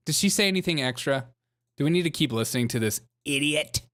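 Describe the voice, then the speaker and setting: A man's voice: a little high, lively intonation, fast talker, fairly bright tone. A man hosting a show, mocking political clips with sarcastic, laughing commentary. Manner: sarcastic, laughing, jumps between voices. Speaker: show host.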